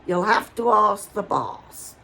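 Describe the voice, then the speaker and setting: A woman voicing a puzzled garden-centre man in his nineties, in an attempted Hampshire accent, talking slowly and vaguely and repeating himself. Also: medium pitch, animated, creaky, bright, forceful tone, slight background noise, heavily acted.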